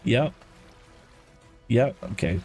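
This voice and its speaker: A man's voice: medium pitch, lively intonation, very slow, a little mellow, slightly rough. Middle-aged guy streaming a game, rambly chatty storyteller, mid voice, a little music behind. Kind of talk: casual live-stream chat while gaming.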